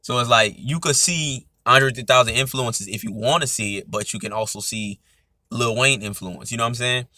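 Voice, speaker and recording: A young man from Atlanta hosts his own podcast, speaking in a relaxed, rambling way with a lot of repeated fillers. His voice is bright and edgy, and the recording is dry and close with almost no room sound. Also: mid-range voice, moderate pace, no room sound. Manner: loose, conversational, repeats "you know what I'm saying". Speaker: podcast host. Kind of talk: casual solo commentary.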